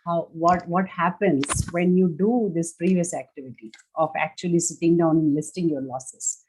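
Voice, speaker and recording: A woman giving a gentle, measured workshop talk, explaining ideas step by step. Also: fairly low pitch, fairly even intonation, a little hiss or hum, poor audio. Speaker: workshop speaker on grief and loss.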